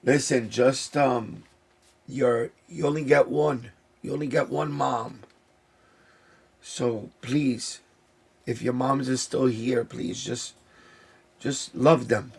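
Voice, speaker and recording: A man's voice: mid-range voice, fairly even intonation, takes it slowly, creaky, pauses often, husky. A man, a sneaker vlogger talking to camera in an emotional, heartfelt way that circles back and repeats itself. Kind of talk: casual talk to camera.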